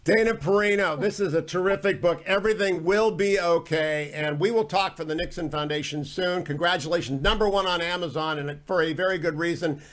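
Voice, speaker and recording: A man's voice: fairly high pitch, fairly quick, hardly any pauses. A man hosting a radio talk show, interviewing a guest in an enthusiastic, praising way.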